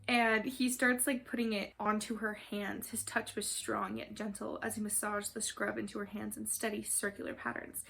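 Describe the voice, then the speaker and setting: Chatty young woman reviewing a book. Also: on the high side. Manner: chatty, fills with "like", exasperated amusement. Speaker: book vlogger. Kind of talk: casual book review chat.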